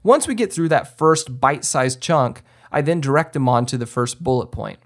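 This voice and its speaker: A man's voice: medium pitch, animated, moderate pace. Chatty man hosting a podcast. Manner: conversational, many fillers and restarts, acts out his own directions. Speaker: podcast host, filmmaker. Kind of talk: casual instructional talk.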